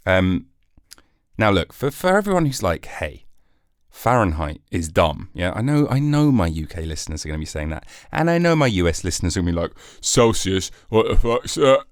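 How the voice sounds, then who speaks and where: A man hosting a rambling solo comedy podcast, jokey and animated, slipping into silly voices. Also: sits low, fairly quick, no room sound, clean studio sound. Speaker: podcast host.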